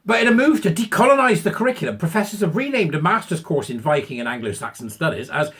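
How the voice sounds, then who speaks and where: A man's voice: on the high side, sing-song, fast, hardly any pauses, fairly bright tone, breathy edge. An English man ranting in sarcastic, mocking commentary and laughing at his own jokes. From England. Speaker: online commentator.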